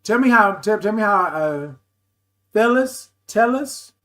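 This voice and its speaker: A man in his fifties hosting a casual livestream talk show, reading viewer comments aloud and answering them in an animated, affectionate way. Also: sits high, unhurried. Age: 50s. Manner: animated, affectionate, calls viewers baby and y'all.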